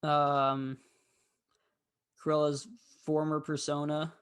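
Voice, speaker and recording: Man hosting a film review show, somewhat high voice, casual, rambling and candid. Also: monotone, very slow, fairly bright tone, clear, resonant tone. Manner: rambling, candid, with frequent fillers.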